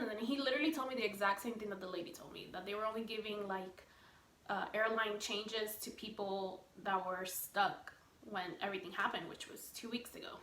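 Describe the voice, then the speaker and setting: A young woman vlogger telling a story in a casual, animated way, acting out what others said and saying "like" a lot. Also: mid-range voice, a little hiss or hum. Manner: animated retelling, acting out quoted people, many "like" fillers. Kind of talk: storytime vlog. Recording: echoey room.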